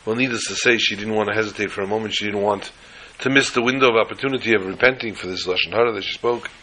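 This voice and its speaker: A man giving a storytelling sermon as a religious teacher, animated and emphatic, piling up repeated phrases. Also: lowish voice, racing, a little hiss or hum, low-quality recording.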